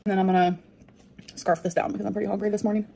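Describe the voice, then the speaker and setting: A woman's voice: mid-range voice, flat delivery, very fast, creaky, music in the background. A young adult woman chatting casually in her vlog, rambling and full of "like". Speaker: vlogger.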